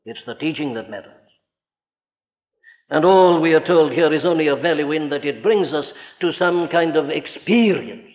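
Emphatic preacher in a reverberant hall. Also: male voice, a little high. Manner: emphatic and rhetorical, with sudden rises and drops. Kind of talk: sermon. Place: church or large hall. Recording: dull lo-fi recording with long hall reverb.

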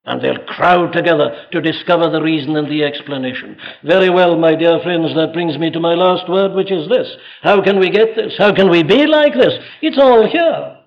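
A man's voice: on the high side, moderate pace, gravelly, few pauses, highs cut off. A man preaching a fervent sermon from a pulpit, rising often into strong exhortation. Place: church pulpit.

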